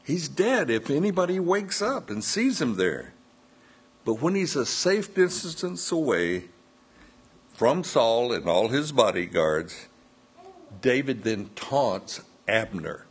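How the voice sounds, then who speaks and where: A man preaching a sermon, slowly retelling a scripture story and voicing its quoted dialogue. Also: mid-range voice, breathy edge. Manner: slow, measured retelling with quoted dialogue and self-corrections.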